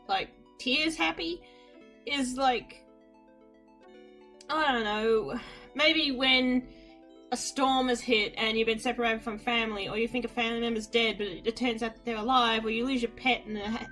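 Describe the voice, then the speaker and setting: A woman's voice: high voice, a bit bright. A woman giving wry, rambling casual commentary while playing an adventure game. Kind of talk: casual let's-play commentary.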